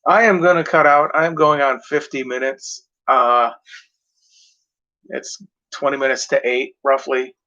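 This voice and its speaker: A man's voice: medium pitch, flat delivery, measured pace, bright, forceful tone. Profane rambling man vlogging. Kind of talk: casual rambling monologue. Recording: muffled lo-fi recording.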